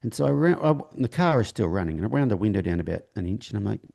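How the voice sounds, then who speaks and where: Man, interview guest, storytelling, gravelly, low-pitched, halting with restarts. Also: big pitch swings, warm tone. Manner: halting, with many restarts, acting out quoted dialogue. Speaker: horse trainer, interview guest. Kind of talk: storytelling in a conversation.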